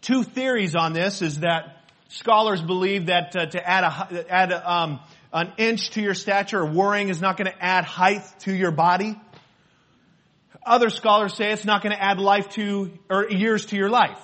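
A man's voice: high-pitched, normal speed, a bit bright. A pastor preaching a sermon, earnest and repetitive, quoting scripture between his own points. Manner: earnest preaching, repeats phrases, quotes scripture.

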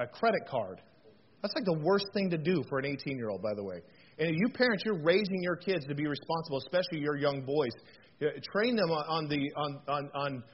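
Pastor guy preaching, pretty high voice, kinda dull lo-fi sound w faint hiss. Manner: animated, jokey storytelling with audience call-outs. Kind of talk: sermon. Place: church hall. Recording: dull lo-fi recording, faint noise.

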